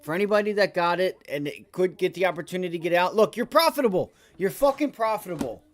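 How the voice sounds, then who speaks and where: A man's voice: high-pitched, fast talker. A man commenting live on his trades during a stock trading stream, swearing often and rambling. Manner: profane, excitable, rambling. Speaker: livestream day trader.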